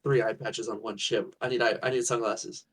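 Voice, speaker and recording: A man's voice: medium pitch, fairly even intonation, brisk. A man playing a tabletop game, chatting casually and making wry jokes. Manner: joking, wry. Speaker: player.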